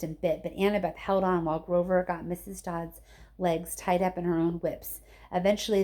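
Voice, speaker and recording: A woman teacher reading a chapter of a novel aloud to her students, expressive and chatty with her listeners. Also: fairly low pitch.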